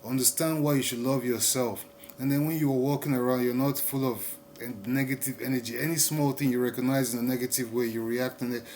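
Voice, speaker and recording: A man's voice: medium pitch, steady tone, darkish tone, a little hiss or hum. Rambling man talking to camera. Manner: rambling, repeats phrases, slows down to stress points. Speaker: vlogger. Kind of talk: casual monologue to camera.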